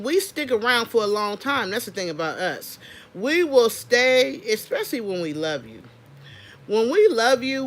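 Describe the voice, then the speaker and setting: Sex: woman. Role: livestream host. Style: unscripted casual chat. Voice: bright, forceful. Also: mid-range voice. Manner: animated, chatty, addresses viewers directly.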